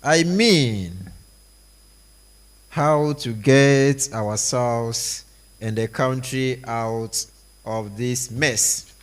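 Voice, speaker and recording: A man reading a stage play aloud, voicing every part and the stage directions in a slow, deliberate way. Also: mid-range voice.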